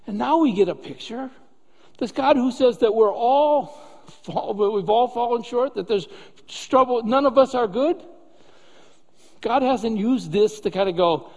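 High-voiced man preaching in a reverberant hall. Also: moderate pace, gravelly, darkish tone. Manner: conversational preaching with rhetorical questions. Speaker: pastor. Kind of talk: sermon.

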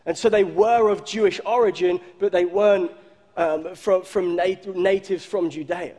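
A male pastor preaching a sermon, telling a story and slowing down low for emphasis. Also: steady tone, mellow. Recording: long hall reverb.

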